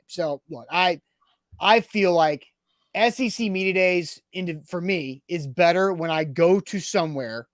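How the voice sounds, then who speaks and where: Animated, high-voiced man telling a story. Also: no echo, studio quality. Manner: animated storyteller, acts out his own reactions. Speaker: sports podcast co-host. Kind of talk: casual chat, storytelling.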